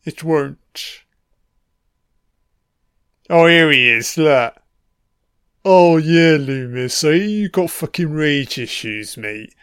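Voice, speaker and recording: A man's voice: fairly high pitch, animated, slow pace, pauses often, fairly bright tone, clear, resonant tone, no room sound, studio quality. A British man giving an audio commentary over a film, swearing constantly and heckling the characters on screen.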